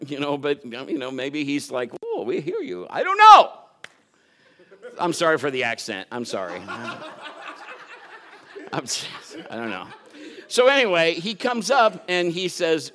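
A high, animated preacher whose pitch leaps around as he tells a personal story from the pulpit. His tone is bright and forceful, and he acts out the people in his story and laughs at himself.

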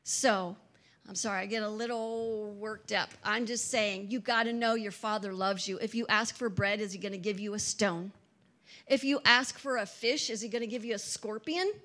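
A woman's voice: mid-range voice, fairly even intonation, moderate pace, a bit bright. A woman preaching fervently to a church gathering, emphatic and full of rhetorical questions. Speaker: church speaker. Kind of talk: impassioned preaching.

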